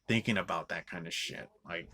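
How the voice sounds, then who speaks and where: Man, low-ish voice with a sharp edge, profane rambling reviewer. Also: fairly quick, slight background noise. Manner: rambling with constant "like" fillers and restarts; swears often, scornful. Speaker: movie reviewer. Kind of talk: profane ranting movie review.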